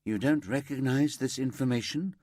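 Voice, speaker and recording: Man doing a no-nonsense lady detective, steady and firm, dry close mic. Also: medium pitch, moderate pace, no room sound, pitched above the performer's own voice, lightly acted. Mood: pressing. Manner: firm, level. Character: brisk female detective sergeant.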